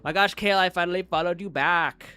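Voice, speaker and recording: Rambling, bright-voiced male streamer. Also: high-pitched, fast, clean tone. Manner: rambling, heavy on fillers, self-interrupting. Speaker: live streamer. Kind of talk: casual stream chat.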